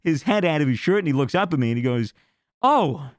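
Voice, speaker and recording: A young man on a podcast, telling a story in a casual, animated way and acting out the quotes. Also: fairly high pitch, very fast, no echo. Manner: animated storyteller who acts out his quotes. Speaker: podcast regular.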